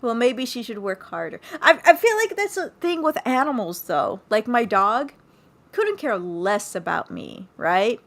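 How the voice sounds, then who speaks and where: A woman's voice: on the high side, measured pace, gravelly. A young woman hosting a livestream interview, chatting casually and laughing often. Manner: giggly, animated storytelling. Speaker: livestream host.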